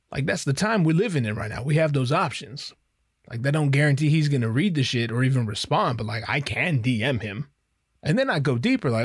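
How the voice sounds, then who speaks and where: A man's voice: medium pitch, expressive, brisk, slightly rough, no echo, studio quality. Rambling, profane male podcast host. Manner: rambling, profane, self-mocking. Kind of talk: casual monologue. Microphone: podcast headphones and mic.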